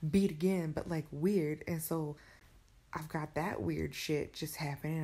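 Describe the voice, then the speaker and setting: A woman's voice: lowish voice, creaky, darkish tone, slightly rough. A woman in her twenties telling a rambling, profanity-laced story into her phone at night in her bedroom. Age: 20s. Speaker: vlogger. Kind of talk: late-night phone rant.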